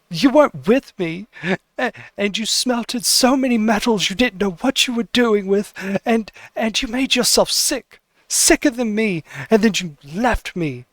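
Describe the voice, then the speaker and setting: A man voicing a sick young woman artificer who pleads with and then yells at her father. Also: on the high side, expressive, slow, no room sound. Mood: angry. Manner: shouting, bitter, pleading.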